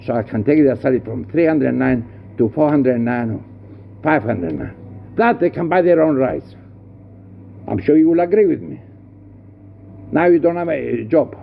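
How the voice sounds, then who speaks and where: A man's voice: fairly high pitch, vocal fry, slight background noise. Scornful man ranting over a tinny line. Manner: angry, scornful, rhetorical questions. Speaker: head of a workers' association. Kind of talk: impassioned rant.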